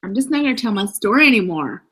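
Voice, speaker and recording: A woman's voice: medium pitch, sing-song, fast, pushed and bright, slightly rough. A woman chatting on a casual video call, telling a rambling story in a playful, joking way. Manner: playful, mock-sulky, jokey voices. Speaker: vlogger guest.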